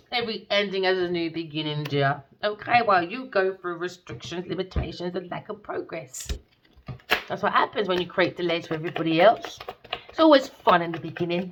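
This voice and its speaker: A woman's voice: lowish voice, fairly bright tone, highs cut off. A woman doing a tarot reading as a scornful, sarcastic rant, swearing and calling people darling. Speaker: tarot reader.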